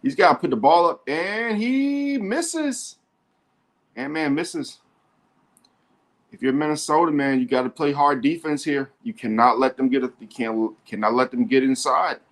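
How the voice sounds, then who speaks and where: A man hosting a sports show, commenting live on a basketball game in an excitable way and often repeating himself. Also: mid-range voice, normal speed.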